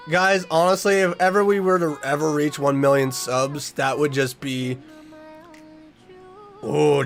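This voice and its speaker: A young man streaming live chats casually with his audience, faint music running beneath his slightly high voice. He speaks earnestly, often restarting sentences, and grows emotional.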